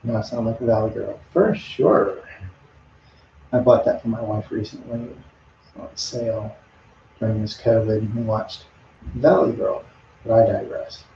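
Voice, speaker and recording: Middle-aged male artist, rambling live-stream chatter, mellow voice, roomy dull lo-fi sound. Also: lowish voice, little pitch movement, moderate pace, creaky, a little hiss or hum. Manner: rambling, chatty, talks to viewers between brushstrokes. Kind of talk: casual live-stream chat while painting. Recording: dull lo-fi audio in an echoey room.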